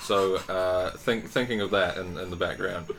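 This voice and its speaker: A man's voice: low-pitched, fairly even intonation, normal speed, a bit bright, a little hiss or hum. A man playing a tabletop game, hesitant and stammering, often apologetic. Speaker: player. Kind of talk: casual tabletop game play.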